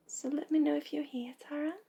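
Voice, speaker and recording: Soft, half-whispering high-voiced woman. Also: steady tone, fairly quick, vocal fry, lo-fi sound, soft background music. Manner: soft-spoken, often half-whispered, gentle. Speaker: intuitive reader and healer. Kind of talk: livestream readings and chat.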